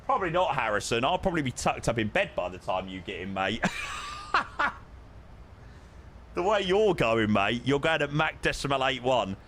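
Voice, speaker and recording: Lively young man streaming. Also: medium pitch, a little fast, few pauses, slight background noise. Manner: chatty, matey, greets viewers by name. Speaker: flight sim streamer. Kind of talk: casual live-stream chat with chat readers.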